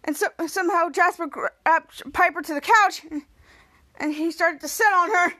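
A woman's voice: very high-pitched, moderate pace, bright, forceful tone. A woman hosting a podcast, recapping a TV episode scene by scene and acting out the characters' lines. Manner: retells scene by scene, acting out quotes. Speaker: podcast host.

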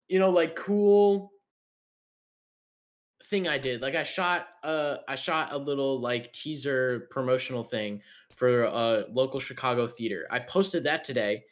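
A young man in casual podcast chat tells a story with lots of energy, slang and swearing. His voice sits at an ordinary middle pitch. He laughs often between lines. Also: moderate pace. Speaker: podcast co-host.

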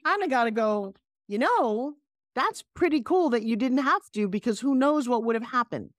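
A middle-aged woman with a New York accent, a guest telling animated stories on a video call. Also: a little high, moderate pace, no room sound, studio quality. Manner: animated, emphatic storyteller. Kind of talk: casual interview storytelling.

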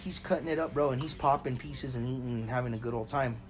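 A man's voice: medium pitch, fast. A man co-hosting a podcast, telling a story in casual, profane chat and calling everyone bro. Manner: profane, says bro constantly; excited, loud storytelling. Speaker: podcast co-host. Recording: faint background noise.

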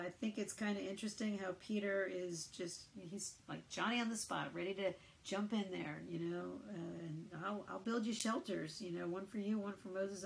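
Woman, low gravelly voice, hesitant, casual scripture musing, faint hiss behind. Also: poor audio. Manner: hesitant, many fillers, thinking aloud. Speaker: Bible reader. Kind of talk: casual Bible reading and reflection.

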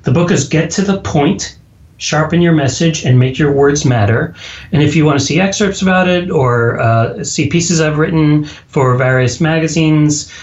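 A man being interviewed as a public speaking coach, speaking firmly and deliberately, ending his sentences flat. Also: on the high side, muffled recording. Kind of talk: podcast interview.

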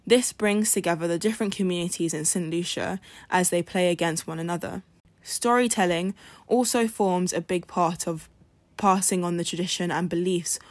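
A woman hosting a podcast, narrating a folk tale in a clear, measured storytelling manner. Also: fairly low pitch, dry recording. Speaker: podcast host.

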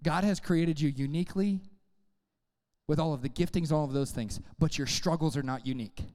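A man preaching a sermon to young people, energetic and casual, often calling on the crowd to respond. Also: fairly high pitch, a little fast, in a large hall. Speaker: youth pastor.

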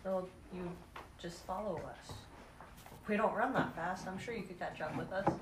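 A playful, somewhat hesitant woman taking part in a tabletop game as a player. Her voice sounds roomy and echoey, with a clear layer of noise behind it. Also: on the low side, moderate pace. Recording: roomy, noisy recording.

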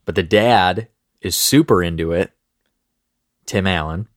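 A man's voice: low-pitched, unhurried, dry recording, clean studio sound. A young man in casual chat who gets worked up and ranty, mocking people in quoted voices.

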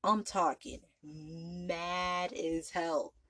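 A woman's voice: on the low side, flat delivery, drawn-out words, a bit bright, breathy edge, poor audio. A woman hosting a podcast, recapping a vampire film in a rambling, profane, casual way. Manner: rambling, profane, full of "you know" and "like". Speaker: podcast host.

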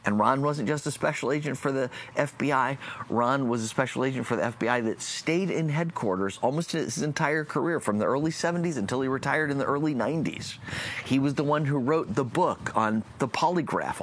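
A man delivers a sermon in a mid-pitched voice that moves freely up and down. He talks in a reflective way and slows right down to press his key phrases home. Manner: lively, reflective delivery with slowed emphatic phrases. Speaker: preacher.

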